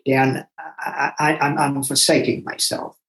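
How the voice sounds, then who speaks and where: An older man from Massachusetts, a guest telling his own story in an animated, emphatic way with asides to himself. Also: medium pitch, measured pace, vocal fry. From Massachusetts, USA. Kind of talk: personal storytelling. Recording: roomy echo.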